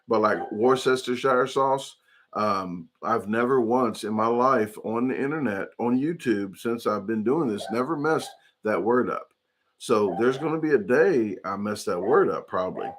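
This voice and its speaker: Brief: male streamer, mid-pitched, loose rambling chat with viewers. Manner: rambling, chatty, reads chat comments aloud. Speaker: livestream host. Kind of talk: casual livestream chat.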